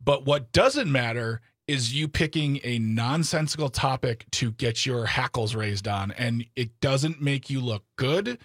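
A man's voice: medium pitch, animated, measured pace, hardly any pauses, a bit bright, breathy edge, no echo, clean studio sound. A man from Wisconsin co-hosting a political talk show, opinionated and sarcastic, with exasperated outbursts.

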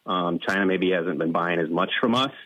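A man guesting on a farm radio interview as a dairy lending specialist, talking in a measured, businesslike way. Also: deep voice, no echo, highs cut off. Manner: plain-spoken, measured, businesslike.

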